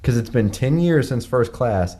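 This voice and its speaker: A man's voice: mid-range voice, lively intonation, normal speed, dark tone. A young man co-hosting a podcast, chatting casually with wisecracks and profanity. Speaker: podcast co-host. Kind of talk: casual chat.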